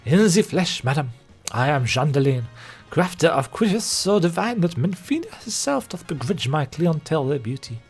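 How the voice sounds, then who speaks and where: A man's voice: a little high, sing-song, normal speed, hardly any pauses, slightly rough, faint music behind, pitched above the performer's own voice, exaggerated voice. A man voicing a flamboyant, vain male hairdresser in a mock French accent, declaiming pompously. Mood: grandiose.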